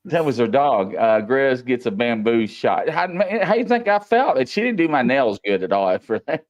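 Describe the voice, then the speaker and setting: A man hosting a casual livestream, telling stories in a lively way and laughing often. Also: medium pitch, normal speed, highs cut off. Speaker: livestream host. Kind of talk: casual livestream chat and storytelling.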